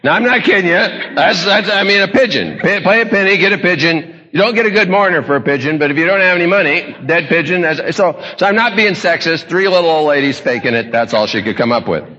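A man's voice: high-pitched, expressive, quick pace, hardly any pauses, pushed and bright, in a large hall, highs cut off. A man preaching a humorous sermon, telling stories in a folksy, joking way with chuckling asides.

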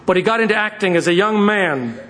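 A male pastor preaching a sermon to his church, speeding through quick asides and slowing down hard for emphasis. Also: sits high. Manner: lively preaching, shifting between quick asides and slow emphasis.

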